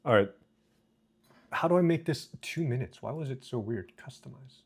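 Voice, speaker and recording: A male streamer talks casually to his live chat at an ordinary middle pitch. He jokes and teases his viewers as he reads their messages aloud. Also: animated, moderate pace, breathy edge. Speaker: livestreamer.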